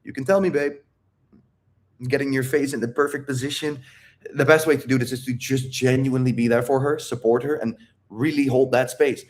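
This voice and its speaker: A blunt, emphatic man coaching on relationships, cursing freely and stopping to check that his listeners follow. His voice sits at an ordinary middle pitch, and he acts out little scenes to make his point. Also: steady tone, brisk, a little mellow. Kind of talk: coaching monologue with role-play.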